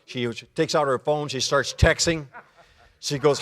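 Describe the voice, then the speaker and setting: A man giving a lively talk at a men's conference, acting out short dialogues and sound effects as he explains. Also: on the high side, unhurried. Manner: animated, acts out little dialogues and sound effects. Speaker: conference speaker. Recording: long reverb of a large hall.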